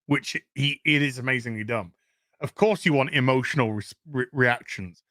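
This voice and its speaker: A man hosting a casual commentary show from his kitchen, ranting in an animated, sarcastic way and swearing freely. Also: medium pitch, moderate pace, no room sound, studio quality. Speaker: show host. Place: home kitchen.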